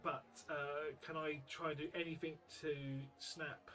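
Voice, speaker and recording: A man's voice: fairly high pitch, flat delivery, unhurried, sharp tone. A man playing a tabletop game, talking hesitantly with many fillers, over a video call. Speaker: player. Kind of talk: casual tabletop play.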